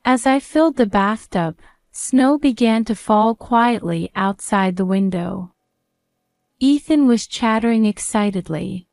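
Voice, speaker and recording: Female storyteller, first-person narration; calm, measured, very slow delivery, dry close sound. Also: mid-range voice, vocal fry, clear, resonant tone, no room sound.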